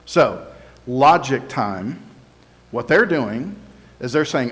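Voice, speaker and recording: A pastor delivers a relaxed, conversational sermon, guiding listeners through scripture step by step in an ordinary middle-pitched voice. He speaks slowly with long pauses and explains things plainly. Now and then he acts out quotes from the crowd and Pilate.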